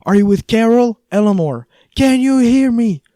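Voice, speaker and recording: Guy doing a screechy loud mom yelling down the phone, pitched way up, dry close mic. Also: a little slow, no echo, close to an everyday voice. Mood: shouting. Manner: shrill, shouting. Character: frazzled mother shouting on the phone.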